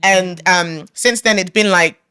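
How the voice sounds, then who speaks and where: A woman's voice: on the low side, measured pace. A young woman, a gospel singer, telling a personal story in casual chat, laughing often and acting out the lines of others. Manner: animated storyteller, laughs often, acts out quotes. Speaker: guest, gospel recording artist.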